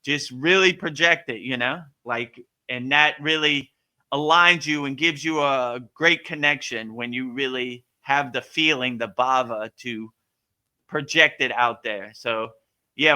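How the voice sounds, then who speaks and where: A man's voice: mid-range voice, bright, forceful tone. A man who teaches yoga, speaking in a loose, rambling and earnest way, answering a question in a casual spiritual talk. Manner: loose, rambling, full of "you know" and "like"; earnest and emphatic.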